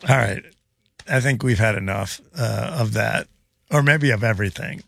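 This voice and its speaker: A man's voice: fairly low pitch, normal speed, gravelly, a bit bright, no room sound. A man hosting a radio show, bantering with wry, dry jokes.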